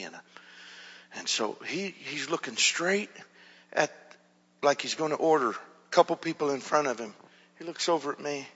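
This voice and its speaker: A man preaching a sermon as a pastor, telling a story in an animated way, acting out quotes with shouts and whispers. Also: on the high side, normal speed, pauses often, husky. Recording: dull recording in a hall with long reverb.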